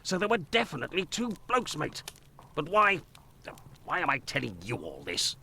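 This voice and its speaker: A man's voice: on the high side, wildly swooping pitch, normal speed, gravelly, bright, forceful tone, a little hiss or hum, full character voice. A brash newsman. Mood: boastful. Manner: brash, storytelling, slangy. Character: cocky London male newspaperman, boastful and chatty. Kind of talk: video game voice acting.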